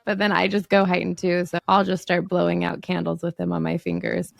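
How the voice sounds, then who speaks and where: A woman co-host telling a story in animated casual chat. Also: on the low side, a little fast, creaky, dry recording. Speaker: podcast co-host.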